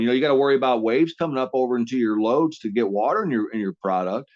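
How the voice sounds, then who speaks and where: Male guest, rambling storyteller with a salty tongue, mid-pitched, on a dull lo-fi recording. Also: rapid-fire. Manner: rambling, lots of restarts and salty language. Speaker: interview guest. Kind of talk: casual storytelling.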